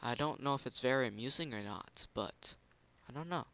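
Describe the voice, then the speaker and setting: A man's voice: medium pitch, animated, brisk, pushed and bright, clear, resonant tone. A man giving casual commentary over a video game, muttering to himself, humming little tunes and bursting into gloating. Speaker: gameplay commentator.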